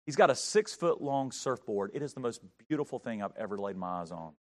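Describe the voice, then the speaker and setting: A middle-aged man preaching, telling a story with big swings from shouting to hushed tones. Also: mid-range voice, animated, brisk. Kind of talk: sermon storytelling.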